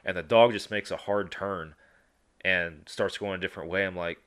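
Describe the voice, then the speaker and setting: Deep-voiced man telling hunting stories. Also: moderate pace. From West Virginia. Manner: relaxed storyteller, animated when retelling exchanges. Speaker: podcast co-host. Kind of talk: casual chat.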